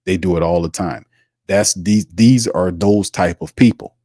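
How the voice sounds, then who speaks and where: Blunt, low-voiced man ranting about sports. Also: measured pace, dark tone, no room sound, clean studio sound. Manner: blunt, preachy, swears, asks the listener rhetorical questions. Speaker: sports podcast host. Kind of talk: opinionated sports commentary.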